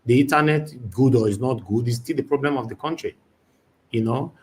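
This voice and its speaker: A man's voice: medium pitch, a little fast. A man hosting a live talk show, courteous with guests and stern with rude commenters. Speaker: host.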